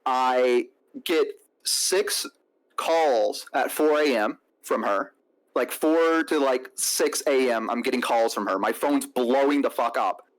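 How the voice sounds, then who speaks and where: A man's voice: medium pitch, slow pace. Young man telling a story animatedly. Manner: animated storytelling, acts out quotes. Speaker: streamer. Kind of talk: casual storytelling. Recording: crunchy lo-fi mic.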